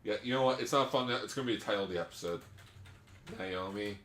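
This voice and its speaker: A young man co-hosting a casual podcast chat, playful and quick to joke. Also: lowish voice, fairly bright tone, reverberant, slight background noise. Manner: playful, slips into joking character voices. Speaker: podcast co-host.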